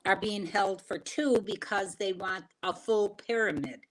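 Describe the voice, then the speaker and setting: A woman's voice: mid-range voice, unhurried, poor audio. An older woman, a regular guest co-host on a casual livestream, talks in a folksy, rambling storytelling way.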